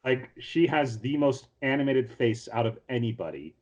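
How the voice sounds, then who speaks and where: A man's voice: mid-range voice, lively intonation, moderate pace, a little mellow, muffled recording. A man on a casual podcast recapping an anime episode in a rambling way, full of ums and restarts. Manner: rambling, filler-heavy storytelling with many restarts. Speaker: podcast co-host.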